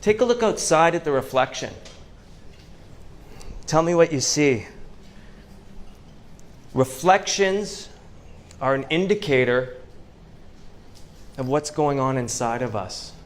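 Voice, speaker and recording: A man's voice: on the high side, expressive. Canadian man giving a rousing stage talk. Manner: slow dramatic pauses, storytelling. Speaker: motivational speaker. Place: event venue before a live audience.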